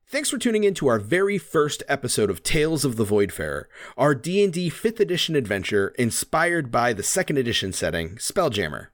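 Male podcast host, casual and chatty, animated delivery, dry close mic. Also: medium pitch, dry recording. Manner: chatty, self-deprecating.

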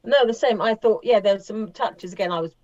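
A woman's voice: medium pitch, a little fast, darkish tone, no echo. Reflective woman on a dry, muffled line. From England, Isle of Wight. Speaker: film podcast co-host. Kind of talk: casual film review chat.

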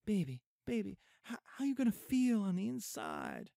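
A man reading the part of a dignified older Black mother in a solemn, measured voice. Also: high voice, huge pitch swings, creaky, warm tone, no room sound, studio quality, voice pushed up, exaggerated voice.

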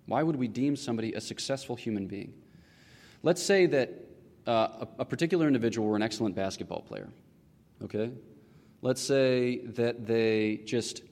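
A man's voice: on the low side, a little mellow, in a large hall. A man giving a classroom lecture in a rhetorical, questioning manner, often checking in with his listeners.

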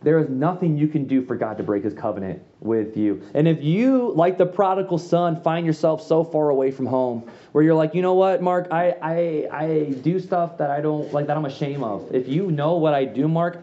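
A man preaching a sermon to a youth gathering in a church room, casual and slangy with quick asides. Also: fairly high pitch, mellow, highs cut off. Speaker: youth pastor.

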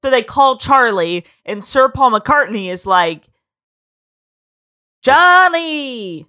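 A woman's voice: a little high, a little slow, bright, forceful tone. Giggly, rambling woman podcast co-host. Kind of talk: casual chat.

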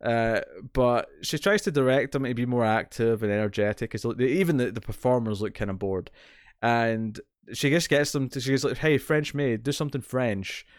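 In clean, dry studio audio, a man with a medium-pitched voice co-hosts a podcast, recapping a TV episode at a moderate pace. His chatty delivery rambles with many restarts and filler words.

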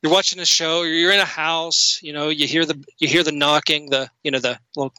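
A man's voice: fairly high pitch, fairly even intonation, a little fast, sharp tone, no echo, rough recording. A man co-hosting a podcast, rambling casually and acting out silly bits in voices. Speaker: podcast co-host. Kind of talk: casual comedic chat.

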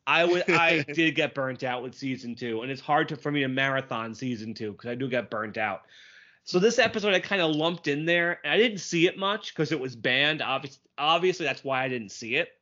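A man co-hosting a cartoon podcast, recapping an episode with enthusiasm and quick quoted lines. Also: medium pitch, bright, forceful tone. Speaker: podcast co-host. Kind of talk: casual chat. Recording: dull lo-fi sound.

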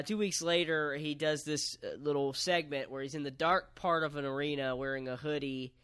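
A man co-hosting a podcast, recapping a story in relaxed casual chat with lots of fillers. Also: a little high, no room sound. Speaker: podcast co-host.

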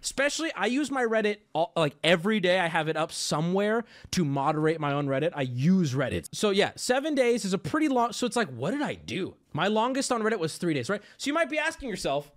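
A man's high, bright voice swings widely as he rants on stream. He is exasperated and profane but mocks himself too, and breaks into bursts of laughter. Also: big pitch swings, fast talker, few pauses. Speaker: livestreamer. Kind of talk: ranting stream monologue.

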